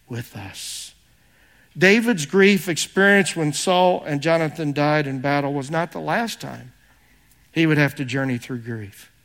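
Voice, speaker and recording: Man, middle-aged pastor, high voice, earnest sermon, personal stories and scripture. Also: a bit bright.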